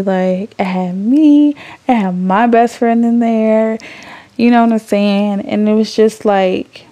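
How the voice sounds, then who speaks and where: Young adult woman podcast host; warm, raspy-fried voice, rambling and emotional. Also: medium pitch. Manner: candid and emotional, swears freely, rambling with fillers. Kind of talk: casual chat.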